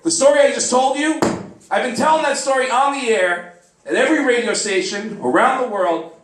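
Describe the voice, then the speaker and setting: A man telling a stand-up comedy story on a club stage, animated, bursting into loud high shouts as he acts out people. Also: fairly quick. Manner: animated, swings into loud high shouts when acting out characters. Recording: roomy club sound from a distance, faint noise.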